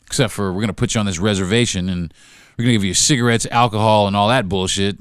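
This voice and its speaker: A man's voice: on the low side, expressive, quick pace, smooth, dry recording, studio quality. A man hosting a solo podcast, talking in an emphatic, repetitive, profane rant. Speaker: podcast host.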